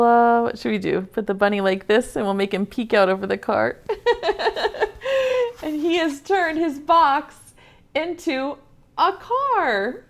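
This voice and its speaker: With a high voice, a woman reads a picture book to her preschool class over a video call. She is gentle and playful and asks the children questions as she goes.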